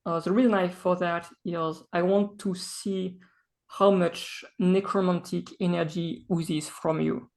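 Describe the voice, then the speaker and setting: A man running a tabletop game as game master, pausing often and restarting his sentences as he describes scenes. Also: high voice, little pitch movement, gravelly, darkish tone, a little hiss or hum. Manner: hesitant, full of ums and restarts.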